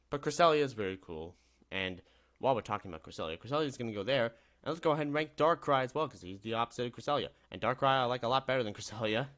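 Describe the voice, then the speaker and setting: A young man with a mid-range, slightly bright voice hosts a gaming channel. He offers casual, rambling tier-list commentary in an upbeat mood, correcting himself often.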